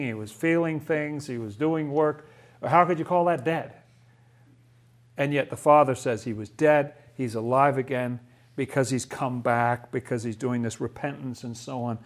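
A man teaching a Bible study in a musing, thoughtful way. He often restarts his sentences and poses rhetorical questions to the group. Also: mid-range voice.

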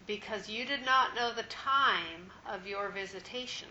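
A woman reads scripture aloud slowly and deliberately, her voice bright and high. She is off-mic in an echoing room, and the recording sounds muffled with a faint hiss. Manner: slow, measured reading. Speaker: scripture reader in a Bible study.

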